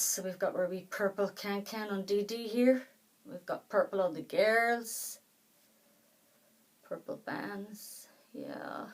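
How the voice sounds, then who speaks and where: A woman vlogging in casual chat to the camera, out of breath, her talk soft and halting, often trailing off. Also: fairly low pitch, rough recording. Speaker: doll collector vlogger.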